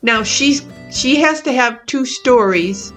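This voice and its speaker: A woman hosting her own gaming channel, talking through a cozy life-sim game in a gentle, chatty and easily amused way. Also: a little high, lively intonation, slow, faint music behind. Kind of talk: casual gameplay commentary.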